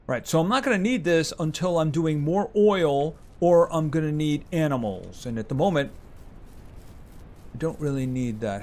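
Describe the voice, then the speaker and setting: A man's voice: on the high side, normal speed, darkish tone. A man streaming a farming game live, chatting casually with his viewers as he plays. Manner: chatty, talks to game animals and reads chat aloud.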